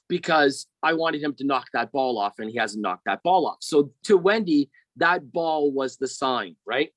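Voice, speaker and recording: A man's voice: mid-range voice, expressive, normal speed, few pauses, fairly bright tone, no room sound, low-quality recording. A middle-aged man telling a personal story as a podcast guest, rambling and often checking in with "right?".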